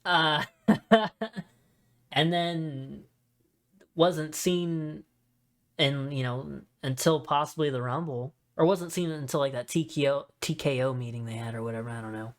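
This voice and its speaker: A man hosting a podcast in a casual solo chat, talking in an excitable, rambling way with many asides. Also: fairly high pitch, unhurried. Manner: excitable, rambling fan talk with frequent fillers and asides. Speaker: wrestling podcast host.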